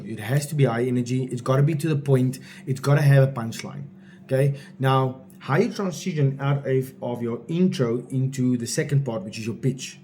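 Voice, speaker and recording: A man's voice: mid-range voice, mellow, slight background noise. A man coaching salespeople in a blunt, informal way, driving each point home with repetition. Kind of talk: direct-to-camera coaching talk.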